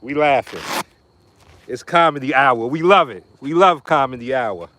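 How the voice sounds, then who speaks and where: A man, live-streaming a martial arts workout and chatting casually with viewers, trash-talking and joking with loud bursts and laughter. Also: mid-range voice, expressive, moderate pace, dry recording. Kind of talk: casual live-stream banter while training.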